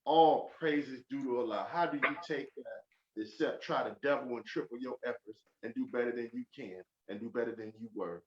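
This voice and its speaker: A man gives a fervent testimony on a podcast, swinging from quiet asides to loud emphatic peaks. His voice sits in a roomy space. The sound is dull and lo-fi. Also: medium pitch, moderate pace. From Oakland. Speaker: podcast guest.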